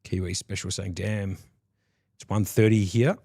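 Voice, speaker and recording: A man's voice: deep voice, fairly even intonation, a little slow, creaky, dark tone, no room sound, clean studio sound. A man calling a live poker tournament from a commentary booth, chatty and jokey.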